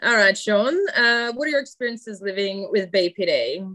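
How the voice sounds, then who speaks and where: A woman's voice: medium pitch, expressive, moderate pace, sharp tone, poor audio. An Australian woman talking as a podcast guest, easygoing and laughing often. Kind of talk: casual chat.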